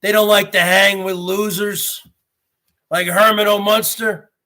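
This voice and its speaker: Slow, bright-voiced boastful man. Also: high-pitched, level tone, slight background noise. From New Jersey. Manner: boastful, repeats "folks" and "bottom line"; greets viewers by name. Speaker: live stream host. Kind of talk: boastful rambling live chat.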